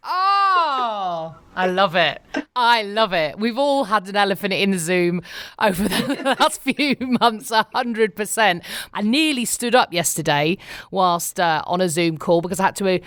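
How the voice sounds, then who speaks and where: Lively, chatty woman. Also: mid-range voice, measured pace, clear, resonant tone, no room sound, clean studio sound. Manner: chatty and laughing, lively storytelling. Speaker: podcast co-host. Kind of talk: casual chat.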